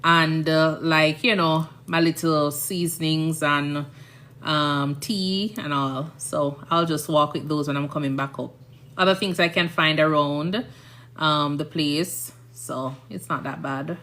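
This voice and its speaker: Woman, Jamaican accent, casual livestream chat, lowish pitch, bright voice, chatty. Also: fairly even intonation, takes it slowly. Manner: chatty, rambling, often asks "you understand?". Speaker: nurse and livestream host.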